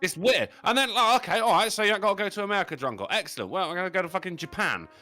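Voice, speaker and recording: An English man on a podcast, chatting casually, swearing a lot and complaining in an animated way. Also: high voice, racing, soft background music. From England. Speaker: podcast co-host. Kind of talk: casual banter.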